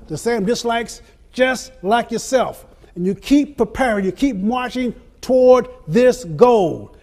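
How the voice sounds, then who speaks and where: An older man with a notably high voice delivers a live motivational speech to an audience. He stacks his phrases in rhythmic repetition and lets dramatic pauses land. He often laughs through his own stories. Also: dark tone. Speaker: motivational speaker. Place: event venue before an audience.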